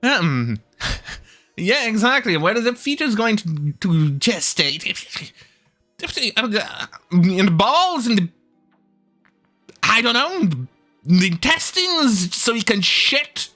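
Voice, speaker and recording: A man's voice: high-pitched, sing-song, takes it slowly, long pauses, sharp tone, faint music behind. A man hosting a commentary video, ranting with heavy swearing and scorn, often stumbling and restarting his sentences. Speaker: commentary channel host.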